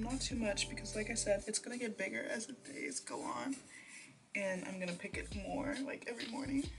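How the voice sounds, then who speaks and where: Chatty young woman, music in background. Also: fairly high pitch. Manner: chatty, rambling, drops into whispers. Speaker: vlogger. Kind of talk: casual chat. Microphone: phone or built-in mic.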